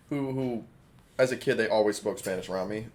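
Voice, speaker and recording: A young man co-hosting a casual, joking podcast chat, animated and quick to swear. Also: fairly low pitch. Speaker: podcast co-host.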